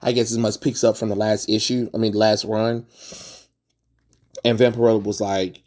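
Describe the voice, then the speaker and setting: A man with a fairly low voice talks through a comic storyline in a loose, rambling way. He keeps it casual, leaning on fillers and hedges as he goes. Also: level tone, moderate pace, darkish tone. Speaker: comic book reviewer. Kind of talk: casual plot recap.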